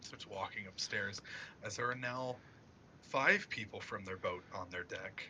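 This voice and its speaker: A man narrating as dungeon master in a casual online tabletop game, laughing often and shouting lines for the crew he plays. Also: fairly low pitch, unhurried, slight background noise.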